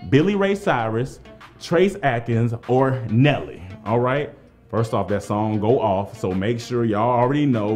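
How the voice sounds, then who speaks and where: A man's voice: medium pitch, lively intonation, measured pace, darkish tone, soft background music. A man hosting a live trivia game, hyped up and playful, joking with the players between questions. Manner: hyped-up, playful, jokey, talks straight to the players. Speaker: trivia game show host.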